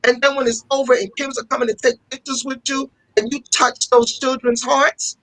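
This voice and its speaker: A woman's voice: high-pitched, little pitch movement, moderate pace, dry recording, low-quality recording. Passionate woman telling stories, dry sound. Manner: passionate storytelling with repetitions. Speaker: fashion school owner and guest. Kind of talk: casual interview talk.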